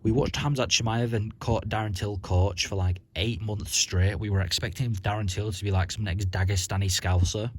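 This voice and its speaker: Blunt man ranting fast. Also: lowish voice, fairly even intonation, slight background noise. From Britain. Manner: blunt, profane, rambling rant. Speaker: vlogger. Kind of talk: sports rant vlog.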